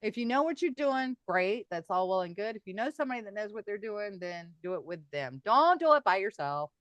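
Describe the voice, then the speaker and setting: A middle-aged woman recounts her eerie experiences with animated, chatty energy. Her voice sits at an ordinary pitch and sounds dry and close. She breaks into laughter often between stories. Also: a little fast, dry recording. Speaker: guest paranormal investigator. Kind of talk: casual podcast storytelling.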